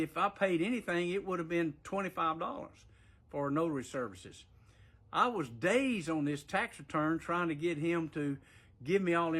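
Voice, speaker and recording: Folksy male storyteller, husky, a bit high-pitched, chatty with chuckles. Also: fairly bright tone. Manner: folksy, chuckling, many fillers. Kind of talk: casual personal storytelling.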